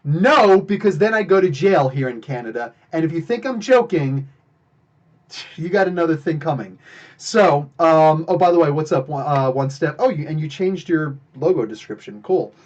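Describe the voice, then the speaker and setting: A man's voice: on the high side, moderate pace, lo-fi sound. A man from New Jersey hosting a live comics podcast, telling stories and greeting chat viewers between them. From New Jersey, USA. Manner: animated, talks to chat viewers between anecdotes. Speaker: podcast host. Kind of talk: live stream chat and storytelling. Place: home streaming setup, living in Canada.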